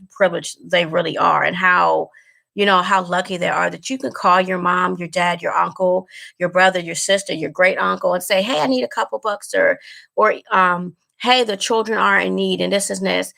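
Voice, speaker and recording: Gravelly, bright-voiced emotional woman vlogger. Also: lowish voice, normal speed. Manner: emotional, earnest, repeats herself. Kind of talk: casual direct-to-camera chat.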